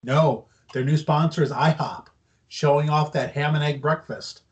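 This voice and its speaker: A man's voice: on the high side, steady tone, normal speed, breathy edge. A man co-hosting a podcast, recapping a wrestling show in loose casual chat with swearing and mocking asides. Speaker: podcast co-host.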